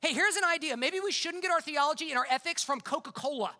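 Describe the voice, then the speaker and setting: A man's voice: very high voice, quick pace, sharp tone. A male pastor preaching a sermon, passionate and conversational, stacking repeated phrases for emphasis. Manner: impassioned, conversational preaching with rhetorical repetition.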